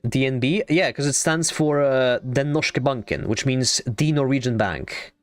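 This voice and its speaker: A young adult man streaming a game, chatting casually in a rambling, excitable way and swearing freely. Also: mid-range voice, unhurried, no room sound. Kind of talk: casual gaming stream chat.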